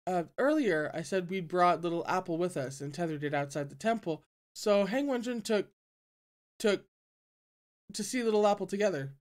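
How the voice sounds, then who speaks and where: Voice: medium pitch, normal speed, natural voice. A reader voicing a flustered young male disciple in an audiobook, rambling and startled.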